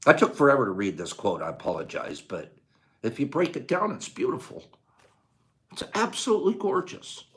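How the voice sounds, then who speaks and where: Older male host, casual and folksy, very animated intonation, flips from hushed to booming. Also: moderate pace. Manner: swings between quiet musing and loud rhetorical outbursts; folksy, says gosh darn and dude. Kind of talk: casual talk on a quote.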